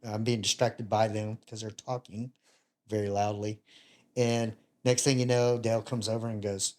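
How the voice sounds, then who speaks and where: Man, fifties, retired Navy chief, casual storyteller, acts out dialogue, self-mocking, average pitch. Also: moderate pace. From United States. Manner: animated retelling that acts out other people's lines; self-deprecating humor. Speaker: podcast guest, retired Navy bomb disposal chief.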